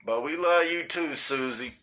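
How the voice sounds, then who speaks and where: A man's voice: fairly high pitch, normal speed, bright, forceful tone. A man hosting a livestream, reading out viewer comments in a laid-back, slangy, profane way and cracking up often. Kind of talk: casual livestream chat.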